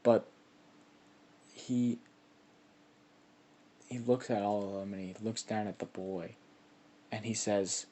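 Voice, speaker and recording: A man narrating a homemade fan story in a loose, rambling way, leaning on filler words as he goes. His voice sits on the low side. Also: fairly even intonation, takes it slowly, pauses often, warm tone, slight background noise.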